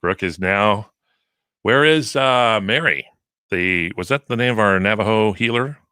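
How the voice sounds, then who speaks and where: A man's voice: fairly low pitch, unhurried, sharp tone, smooth, dry recording, clean studio sound. A man hosting a morning radio show, playful and teasing as he prompts comedy bits. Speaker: radio host. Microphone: studio microphone.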